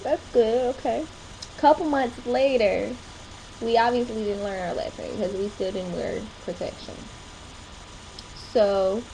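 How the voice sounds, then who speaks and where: A woman's voice: medium pitch, creaky, dark tone, a little hiss or hum, rough recording. A young woman chatting casually in a home vlog, rambling along with short laughs. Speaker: vlogger. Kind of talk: casual chat.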